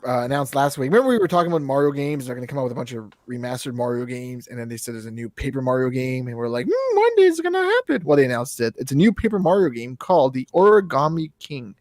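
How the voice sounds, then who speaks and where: A man's voice: mid-range voice, darkish tone, no echo, clean studio sound. A man co-hosting a casual video game podcast, rambling and joking, swearing now and then. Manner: rambling, jokey, swears, does silly voices. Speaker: podcast co-host. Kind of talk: casual chat about video games.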